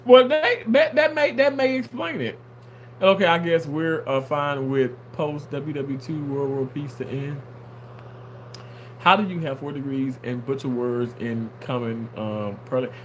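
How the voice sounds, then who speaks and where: A man with a fairly high voice speaks a little slowly as he livestreams, reading out viewers' comments and responding with animated, playful humor and lots of laughter. Slight background noise is present.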